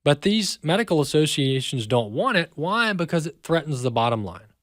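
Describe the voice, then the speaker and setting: A man's voice: fairly high pitch, very animated, normal speed, dry recording, clean studio sound. A man with an American accent hosting a talk radio show, speaking emphatically and repeating words as he builds his point.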